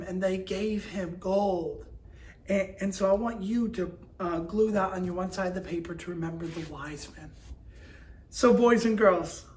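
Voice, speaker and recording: Very high-voiced man teaching children. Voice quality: energetic, talking directly to children. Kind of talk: children's Bible lesson with a craft.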